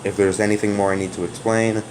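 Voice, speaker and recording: Low-voiced man rambling through an explanation. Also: flat delivery, fast talker, a little mellow, slight background noise, rough recording. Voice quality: open, sonorous voice. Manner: rambling and hesitant, with many fillers and restarts. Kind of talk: casual spoken explanation to a viewer. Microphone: off-camera voice recording.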